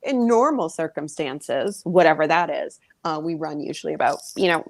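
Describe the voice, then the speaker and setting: A woman's voice: deep voice, moderate pace, no room sound. A woman co-hosting a podcast over a video call from her living room, chatting in a laid-back way. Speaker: podcast co-host.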